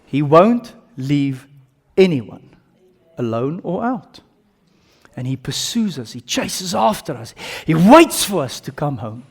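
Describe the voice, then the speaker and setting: A man with an Afrikaans accent, a native Afrikaans speaker from South Africa, preaching a sermon with dramatic swings from loud bursts to hushed lines. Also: on the high side, very animated, slow, breathy edge. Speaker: pastor. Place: church service.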